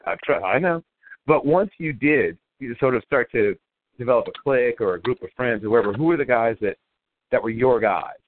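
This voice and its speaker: A man's voice: medium pitch, a little fast, slight background noise. A male radio host interviewing football prospects, asking long, winding questions that restart often. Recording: phone-line call.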